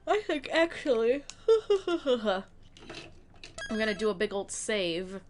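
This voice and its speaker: A woman's voice: fairly high pitch, very animated, slow pace, a little hiss or hum. A young woman streaming a video game, chatting playfully with viewers, laughing often and sounding tired. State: sleepy, yawning. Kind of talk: casual game stream chat. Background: game music.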